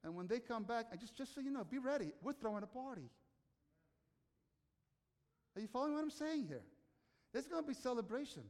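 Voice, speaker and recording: Brief: male pastor, high voice, chatty sermon that keeps asking the congregation questions, reverberant hall. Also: big pitch swings, a little fast, pauses often, a little mellow. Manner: conversational, questions the audience, acts out quotes.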